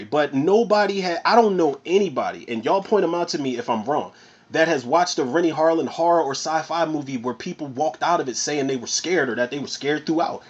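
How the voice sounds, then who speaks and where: A man with a slightly high voice reviews a horror film in a loose, rambling rant, cursing freely and staying animated throughout. The recording is muffled.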